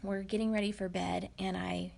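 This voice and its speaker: A woman, with a slightly gravelly edge. She tells a personal story to camera in a candid, reflective way. Her talk is chatty and full of fillers. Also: medium pitch, little pitch movement, normal speed, a little mellow. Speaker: vlogger.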